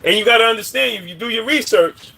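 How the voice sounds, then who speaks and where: A man's voice: very high voice, quick pace, gravelly, sharp tone. A man hosting a casual livestream, giving opinions on boxing in a rambling way and greeting viewers by name. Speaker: boxing commentary livestream host.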